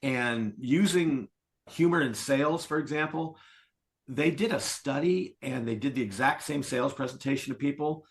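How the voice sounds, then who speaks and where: A middle-aged man talks as a sales coach on a podcast, an animated storyteller who slips into playful voices for the people he quotes. His voice sits at a mid pitch, and his delivery is easy and conversational. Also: normal speed. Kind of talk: conversational interview.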